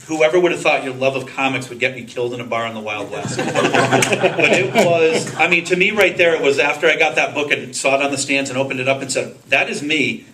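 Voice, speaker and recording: A man's voice: medium pitch, brisk, few pauses, very noisy. A man on a convention panel eagerly telling a personal story with self-deprecating humor, quoting the people in it. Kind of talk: casual storytelling to a panel audience.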